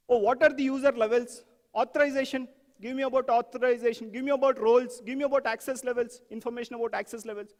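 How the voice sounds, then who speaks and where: A man giving an animated conference talk on software testing, asking the audience questions and acting out examples. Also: very high voice, fast talker, in a large hall.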